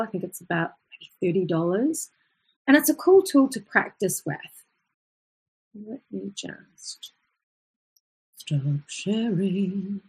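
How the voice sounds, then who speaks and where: Husky-voiced Australian woman voice coach. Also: mid-range voice. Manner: chatty, explains with vocal demonstrations. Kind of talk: live online singing lesson.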